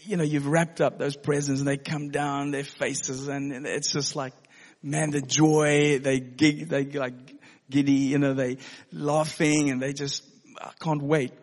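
A pastor telling a personal story in a sermon, earnest and given to laughing. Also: male voice, on the high side, flat delivery, measured pace, darkish tone. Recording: long hall reverb.

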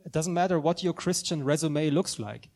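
A male preacher delivers a sermon in church with a notably high-pitched voice. He talks earnestly and builds to fervent, emphatic proclaiming. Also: normal speed, gravelly, a little mellow.

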